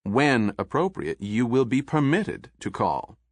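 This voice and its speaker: A man voicing a suave federal agent with a Southern accent, smooth, pleasant and coolly polite. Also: mid-range voice, sing-song, unhurried, no room sound.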